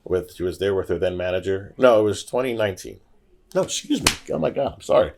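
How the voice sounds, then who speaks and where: Lively man telling a long story. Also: sits low, quick pace, vocal fry, background noise. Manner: animated, acts out quoted voices. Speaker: podcast guest. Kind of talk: casual storytelling.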